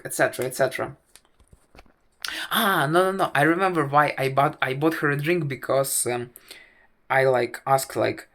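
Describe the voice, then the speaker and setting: A man's voice: mid-range voice, fairly even intonation, a bit bright. A man tells a wry, self-mocking story to camera, stopping often on "uh" and restarting his sentences. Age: 20s. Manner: halting, full of "uh" fillers and restarts. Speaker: vlogger.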